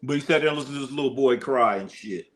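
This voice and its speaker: Man, sports stream host, casual profane talk, animated, mimics whiny voices. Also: medium pitch, fast talker.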